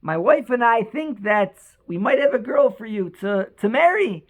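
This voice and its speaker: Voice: medium pitch, animated, moderate pace, voice pushed up, close to an everyday voice. A storyteller voicing a kindly older rabbi who speaks with fatherly pride. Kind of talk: storytelling, quoted dialogue.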